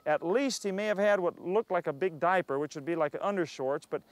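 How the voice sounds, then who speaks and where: Man storyteller-preacher: high voice, lively, acts out characters. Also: brisk, dry recording. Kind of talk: oral storytelling with sermon asides.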